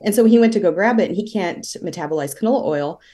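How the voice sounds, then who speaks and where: Mellow-voiced woman, low and talkative. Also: animated, quick pace. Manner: talkative, tells stories at length. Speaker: holistic practitioner guest. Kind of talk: conversational interview.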